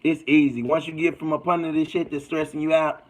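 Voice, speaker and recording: A man's voice: on the high side, little pitch movement, brisk, rough recording. A man hosting a casual livestream, reading out comments and preaching in a loose, slangy way. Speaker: livestream host.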